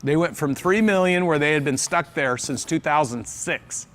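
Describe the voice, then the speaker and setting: A man's voice: on the high side, moderate pace, fairly bright tone, slight background noise. A man gives a motivational business talk in a slightly raised voice, leaning hard on each point. He repeats phrases in threes for emphasis, and he is from the United States. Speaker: business speaker.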